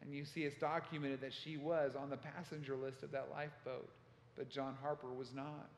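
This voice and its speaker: A man's voice: mid-range voice, little pitch movement, moderate pace, slight background noise. Impassioned male pastor in echoey hall. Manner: impassioned storytelling, acts out quoted shouts. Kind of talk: sermon. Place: church sanctuary.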